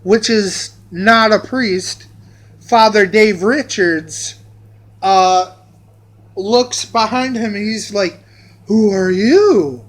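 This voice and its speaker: A man's voice: high-pitched, a bit bright. A man telling a rambling personal anecdote straight to the camera. He swears a lot and keeps repeating his phrases. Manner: profane, repeats phrases, drawn-out. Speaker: vlogger telling a personal story.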